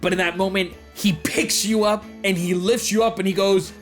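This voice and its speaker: Rambling game master narrator. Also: male voice, high-pitched, fairly even intonation, normal speed, faint music behind. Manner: descriptive, filler-heavy narration.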